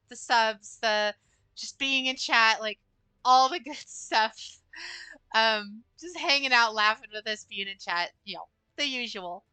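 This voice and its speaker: A young adult woman chats with her stream audience while gaming, rambling and dropping fillers throughout. Her voice sits on the high side, bright and forceful, clean, with no room sound.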